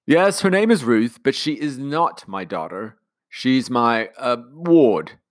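A man voicing a polite, mournful, well-to-do widower in a storybook read-aloud, with formal, gentle speech. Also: mid-range voice, very animated, takes it slowly, voice pushed up. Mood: courteous.

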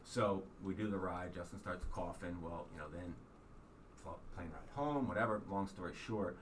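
Low-voiced man podcast host, off-mic. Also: normal speed. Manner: rambling, self-mocking storyteller with many fillers. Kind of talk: casual chat, telling a personal story. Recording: distant mic, faint background hiss.

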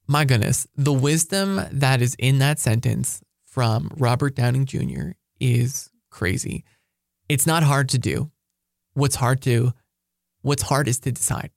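An energetic man gives a sermon-style talk to high school students, pressing his points with emphatic repetition. His voice sits at a middle pitch. The sound is close and dry, with no room echo. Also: unhurried, gravelly. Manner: energetic, emphatic, repeats key phrases.

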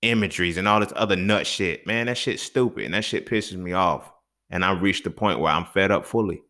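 A young man hosting a solo podcast, ranting with heavy profanity and swinging between loud outbursts and low mutters. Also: a little fast. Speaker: podcast host.

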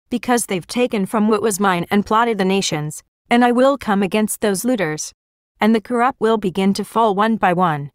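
A woman's voice: mid-range voice, no room sound, studio quality. Woman solemnly narrating a prophetic vision.

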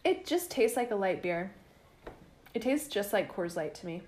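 A woman hosting a casual podcast, chatty and bubbly, quick to laugh. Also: mid-range voice, very animated, a little mellow, slight background noise. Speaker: podcast host. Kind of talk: casual chat.

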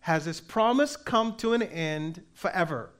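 A man preaching a sermon as pastor, with emphatic delivery that swings between loud and soft and slow readings of scripture. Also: high voice, animated, clear, resonant tone. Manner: reads scripture aloud slowly.

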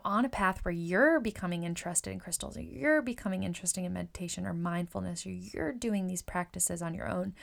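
A hairstylist who also practices Reiki talks in a creaky, medium-pitched voice as she casually coaches other stylists. She's chatty, often acting out conversations with clients, and she repeats words and leans on fillers.

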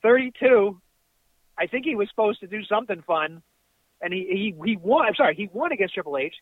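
A man with a high voice rants excitably about wrestling, swearing as he goes. He is calling in from his car, and his voice comes over a tinny, dry phone line. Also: brisk, dry recording. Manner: excitable, ranting, profane. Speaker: wrestling podcast co-host. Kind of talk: casual chat.

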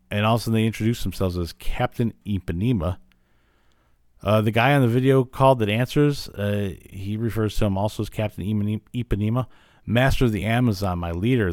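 A man with a lowish voice recaps an old cartoon for his podcast, rambling along with plenty of "uh"s and "like"s. He grew up in Illinois. The sound is dry and close, with almost no room around it. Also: fairly quick, a little mellow, no room sound. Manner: rambling, filler-heavy retelling. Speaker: podcast host. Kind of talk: casual recap of a cartoon episode.

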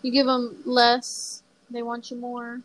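A young woman reacting excitedly in casual chat with a friend while gaming. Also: on the high side. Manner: excitable, quick reactions and short interjections. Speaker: friend listening. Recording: faint background noise.

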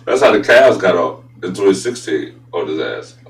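A man hosting a casual sports talk show, blunt and profane, often turning loud and incredulous. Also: sits low, expressive, moderate pace. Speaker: sports podcast host. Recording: roomy echo, voice a bit far from mic, faint hum.

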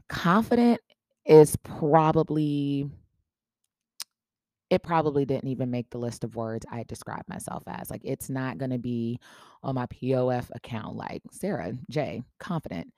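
Very low-voiced woman telling a story. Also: measured pace, no echo, studio quality. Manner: animated storyteller, acts out quoted dialogue. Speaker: podcast host. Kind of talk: casual storytelling.

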